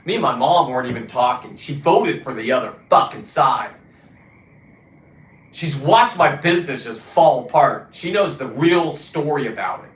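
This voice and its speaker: A man's voice: animated, moderate pace. Profane ranting man, roomy echo. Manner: combative, swearing, shifts pitch and volume a lot. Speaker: livestream host. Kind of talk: casual profane rant.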